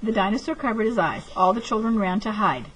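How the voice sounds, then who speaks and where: A woman teacher reads a children's story aloud and then walks young pupils through a craft project. She speaks in a clear, measured, patient way. Her voice is mid-pitched with a soft, husky quality. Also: expressive, rough recording. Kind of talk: reading a picture book aloud, then giving craft instructions.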